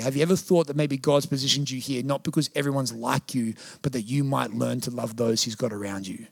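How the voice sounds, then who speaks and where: A man's voice: mid-range voice, brisk, gravelly, few pauses, dry recording, clean studio sound. A young man preaching a conversational, passionate sermon in a church, full of anecdotes. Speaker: pastor.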